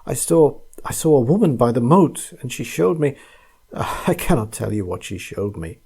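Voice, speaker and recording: A man's voice: medium pitch, very animated, moderate pace, vocal fry, darkish tone, husky, full character voice. A man voicing a kind old merchant who pleads earnestly in a storybook ghost tale. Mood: terrified.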